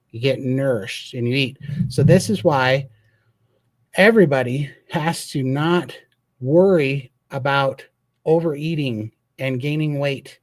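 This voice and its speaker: A man's voice: medium pitch, darkish tone, no room sound. A man from Montana hosting a live Q&A, talking in an earnest and emphatic way. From Montana, USA. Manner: earnest and emphatic, with a storytelling streak. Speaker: host. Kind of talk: live Q&A chat.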